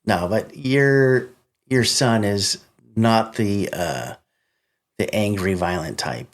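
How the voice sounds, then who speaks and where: A man co-hosting a podcast in casual, heartfelt conversation, supportive and asking gentle probing questions. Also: lowish voice, takes it slowly. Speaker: podcast co-host.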